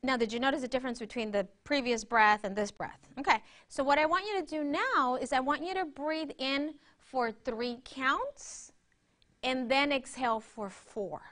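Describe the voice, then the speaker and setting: A woman presents a workshop at a moderate pace, her high voice a bit bright. She guides a breathing exercise, teaches conversationally, and frequently checks in with her audience by saying "right?".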